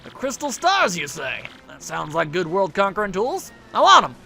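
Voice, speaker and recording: A man puts on a grumpy giant turtle king from a video game, blustering and bellowing like a comic villain. His lines leap around in pitch with a bright, forceful edge, and faint game music plays behind. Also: huge pitch swings, normal speed, creaky, heavily acted.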